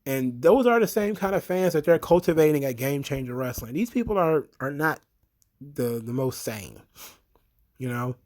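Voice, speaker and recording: Man, slightly higher-pitched voice, blunt and opinionated, rambling commentary, casual monologue. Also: expressive, normal speed, darkish tone. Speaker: wrestling commentary host.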